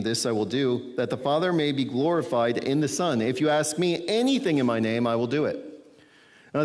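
A man's voice: medium pitch, long reverb tail. A man preaching a sermon as a pastor, teaching from scripture in a conversational way and often checking in with his listeners.

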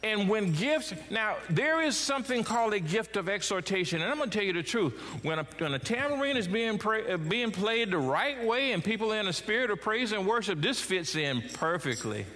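A middle-aged man delivers a sermon from the pulpit, his voice sitting a little high for a man. He swings his pitch and volume freely as he preaches. The recording carries the long reverb of a church sanctuary. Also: big pitch swings, brisk, hardly any pauses, pushed and bright. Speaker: pastor.

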